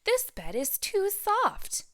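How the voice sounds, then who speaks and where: A woman's voice: very high-pitched, wildly swooping pitch, takes it slowly, a bit bright, pitched above the performer's own voice, exaggerated voice. Tacky, a woman doing an odd penguin. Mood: drawn-out. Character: odd, cheerful male penguin.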